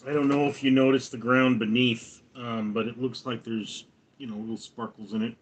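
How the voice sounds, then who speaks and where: A man's voice: mid-range voice, flat delivery, normal speed. A slightly tipsy man hosting a casual livestream, rambling and joking as he answers viewers' chat one by one. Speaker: livestream host reading chat.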